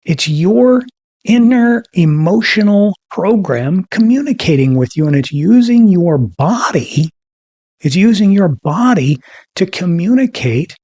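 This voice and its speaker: Guy with a pretty high voice giving a folksy teaching talk, keeps asking rhetorical questions and repeating himself. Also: expressive, unhurried, mellow. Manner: repeats phrases for emphasis. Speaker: podcast host.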